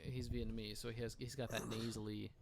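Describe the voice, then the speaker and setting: A man's voice: fairly low pitch, flat delivery, fairly quick, vocal fry, a little mellow, slight background noise. A young man co-hosting a podcast in crude, rambling, laid-back chat. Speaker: podcast co-host. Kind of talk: casual chat.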